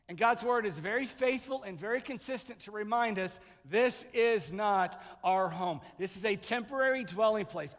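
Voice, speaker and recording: High-voiced preacher in a reverberant hall. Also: male voice. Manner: storytelling preacher, swings from loud proclaiming to hushed retelling. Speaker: pastor. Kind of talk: sermon.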